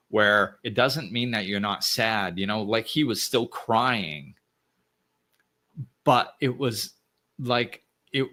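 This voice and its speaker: Solo host, male, lowish voice, earnest and gently reassuring, reflective delivery with restarts. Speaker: podcast host.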